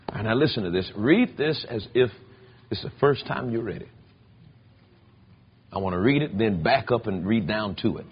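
A man preaching a sermon, telling stories in an animated way with big swings in pitch. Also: slight background noise. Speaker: pastor. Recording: dull lo-fi sound.

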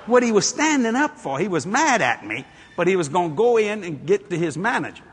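A man preaching a sermon through a story, acting out the people in it and working up to loud shouts. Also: high-pitched, fairly quick, breathy edge. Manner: animated, acts out the people in his stories, climbs to shouting.

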